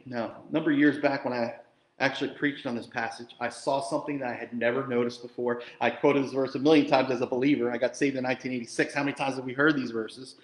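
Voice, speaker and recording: A New Jersey pastor delivers a sermon in a mid-range voice, talking quickly in a roomy-sounding space. He's animated and conversational, tossing in jokes and shifting from hushed tones to loud emphasis.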